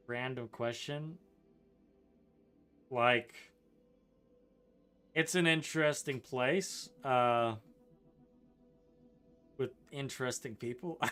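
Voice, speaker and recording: Rambling young man, bright voice. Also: mid-range voice. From Canada. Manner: rambling, chuckling, lots of likes and ums. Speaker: streamer. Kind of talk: casual gameplay commentary reading chat.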